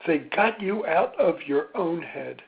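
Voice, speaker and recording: A man speaking as a psychologist in a webinar, gentle and reflective, with many ums and pauses. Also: a little high, expressive, gravelly. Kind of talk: slow, thoughtful webinar talk. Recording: tinny phone-line sound.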